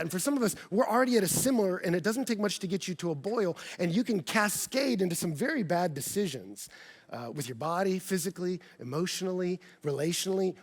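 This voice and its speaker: A man, a pastor, preaching a sermon with personal storytelling, animated and acting out quoted dialogue. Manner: animated, acts out quoted dialogue with big pitch jumps.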